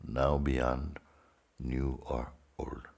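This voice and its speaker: A man as a spiritual teacher leading a guided meditation in slow, sparse phrases with long pauses. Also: rumbling low, steady tone, vocal fry, a little mellow.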